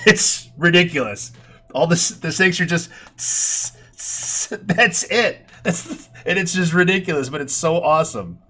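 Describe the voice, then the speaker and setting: A young man hosting a podcast, laid-back and quick to laugh, swearing casually as he chats. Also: fairly high pitch, expressive, sharp tone. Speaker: podcast host. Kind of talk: casual chat.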